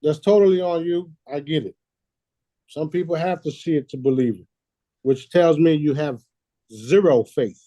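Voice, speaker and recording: Cocky man preaching his stuff, swears a lot, kinda high voice, dead dry mic. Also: normal speed, dark tone, no room sound. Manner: boastful, preachy, swears freely; laughs at his own lines. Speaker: host. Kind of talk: casual conspiracy talk.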